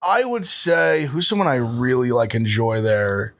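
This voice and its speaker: A man's voice: medium pitch, sing-song, unhurried, pushed and bright. A young man chatting casually as a podcast guest, rambling with many fillers and restarts. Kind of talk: casual food chat.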